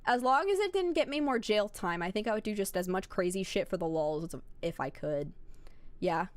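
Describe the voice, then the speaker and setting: A woman's voice: medium pitch, lively intonation, moderate pace, dry recording. A young woman VTuber streamer chatting casually with her audience, rambling and swearing as she talks. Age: young adult. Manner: rambling, profane, talks straight to chat. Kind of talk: casual livestream chat.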